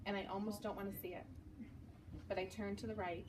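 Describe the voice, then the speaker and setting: A woman's voice: mid-range voice, flat delivery, fairly quick. A woman in her forties, an author giving a storytelling talk in a bookstore, acting out the lines she quotes and laughing at herself. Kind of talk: storytelling talk to a live audience. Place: bookstore event space. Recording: distant mic with noticeable background noise.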